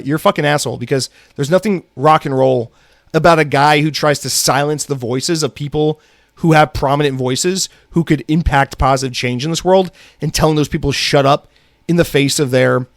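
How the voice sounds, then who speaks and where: In a studio-quality, dry recording, a US podcast host goes solo with an angry, profanity-laden rant, then turns to reading news. He has a mid-range voice.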